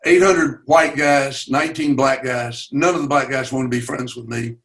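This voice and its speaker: A man in his eighties with a Southern US accent, telling personal stories earnestly on a video call, halting with fillers and raising his voice at dramatic moments. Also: medium pitch, steady tone, fairly bright tone. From Chattanooga, Tennessee. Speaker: webinar guest speaker. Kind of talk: personal storytelling.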